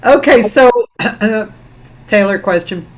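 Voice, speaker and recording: A woman's voice: medium pitch, slow, rough recording. A woman hosting a casual video-call interview, reading out a listener's question. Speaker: host.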